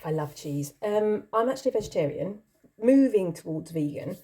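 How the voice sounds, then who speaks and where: Host role: middle-aged woman, mellow tone, rambling giggly chat to camera. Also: on the low side, animated, moderate pace, a little hiss or hum. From not from the country she lives in. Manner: chatty, rambling, giggly, self-deprecating. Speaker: channel host. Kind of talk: casual chat answering a question tag.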